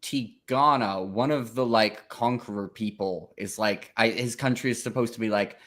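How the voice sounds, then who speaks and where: A man co-hosting a casual book discussion, speaking in a relaxed, conversational way and asking questions. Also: on the low side, normal speed.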